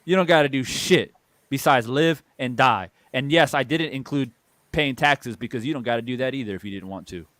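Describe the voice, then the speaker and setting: Man, boxing channel host, heated monologue, emphatic repetition, mid pitch, dry sound. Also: brisk, fairly bright tone, no room sound. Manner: ranting, emphatic, repeats phrases for stress.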